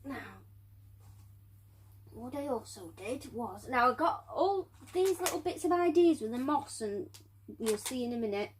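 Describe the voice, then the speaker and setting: A woman chatting casually through a hobby build of a tarantula enclosure, rambling and often dropping to quiet muttering and whispers as she works. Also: on the high side, expressive, measured pace, a little hiss or hum. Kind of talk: casual crafting vlog narration.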